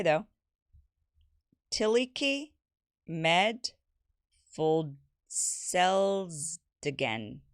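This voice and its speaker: A woman's voice: mid-range voice, fairly bright tone. A young woman hosting her own livestream, chatting casually about her life and reading viewer messages aloud with teasing asides and laughs. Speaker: show host. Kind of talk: casual birthday livestream chat.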